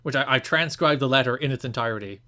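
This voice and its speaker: A podcast co-host explains things at length in a casual, opinionated way, often restarting his sentences. He has a mid-range voice with a sharp tone and a quick pace.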